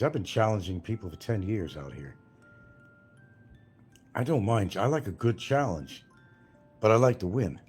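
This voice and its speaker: A man's voice: lowish voice, sing-song, moderate pace, pauses often, a little mellow, husky, soft background music. An older retired man hosting a livestream, rambling casually from topic to topic and swearing freely. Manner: meandering, swears freely, jumps between topics. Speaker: livestream host.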